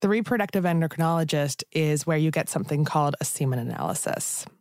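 A woman hosting a podcast who narrates in a chatty, conversational way and talks directly to her listeners. Her voice sits a little low for a woman and the recording is close and dry, with no room sound. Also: lively intonation, fast talker, darkish tone, no echo. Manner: chatty, speaks straight to listeners. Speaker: podcast host.

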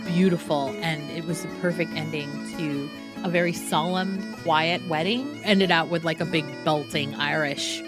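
A woman's voice: deep voice, moderate pace, over loud music. A woman guest telling, in an earnest reflective way, how she met and married her husband. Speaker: interview guest, wife. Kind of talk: reflective storytelling.

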